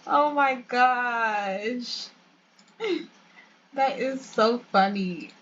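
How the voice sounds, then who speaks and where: A woman's voice: on the high side, very slow, a bit bright, lo-fi sound. A young woman hosting a let's play, chatting and talking straight to her viewers. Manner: chatty, addresses viewers directly. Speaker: gaming channel host.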